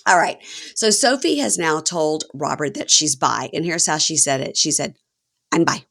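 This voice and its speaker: A woman with a Southern accent hosting a casual reality TV recap podcast, chatty and self-deprecating with quick asides. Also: low-pitched, sing-song, creaky, fairly bright tone. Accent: Southern American. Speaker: podcast host.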